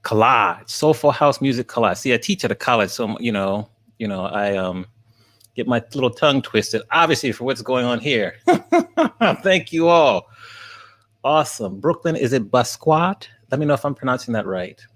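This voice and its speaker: An excited man hosts a live stream at a middle pitch. He laughs a lot between thank-yous and sounds overwhelmed with joy. He talks casually and warmly with his chat. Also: normal speed. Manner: excited, laughing often, thanking viewers by name. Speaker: streamer and college teacher.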